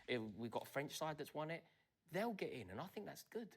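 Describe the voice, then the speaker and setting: A football pundit, a man, arguing his case on a studio panel. He reasons point by point, and his pitch sits a touch high and moves around a lot. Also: very animated, brisk, slightly rough.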